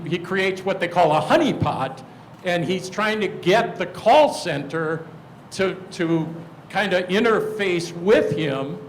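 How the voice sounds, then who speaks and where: A man's voice: high voice, a little hiss or hum, rough recording. A man moderating a community seminar panel, chatting and turning questions to the panelists. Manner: conversational, turns questions to panelists. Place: church hall.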